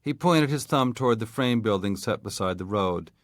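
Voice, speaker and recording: A man narrating a literary short story in a steady, measured reading. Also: fairly low pitch, no echo, clean studio sound. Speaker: audiobook reader.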